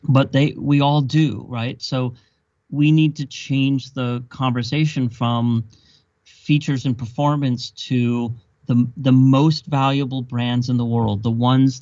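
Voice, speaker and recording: A man's voice: mid-range voice, a little mellow, dry recording. A man as a podcast guest, making his points emphatically with chains of rhetorical questions. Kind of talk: explanatory conversation. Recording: dull dry lo-fi sound.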